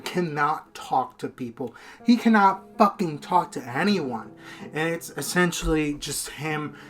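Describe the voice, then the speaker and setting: A man's voice: fairly high pitch, a bit bright. A young man giving a casual, rambling video review of a manga, swearing constantly and getting worked up as he retells the story.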